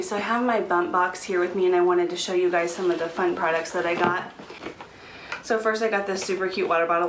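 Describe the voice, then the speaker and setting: A young woman chatting casually to her camera, in a slightly low voice and a talkative manner, often slipping in ums. The recording carries a roomy echo from a home room with a faint background hiss. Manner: chatty, frequent laughs and ums. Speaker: vlogger. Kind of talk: casual pregnancy update vlog.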